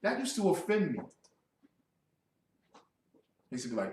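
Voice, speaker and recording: A man's voice: sits high, huge pitch swings, fast. A man giving a classroom sermon as a religious teacher, preaching with lots of rhetorical questions. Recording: echoey room, distant mic.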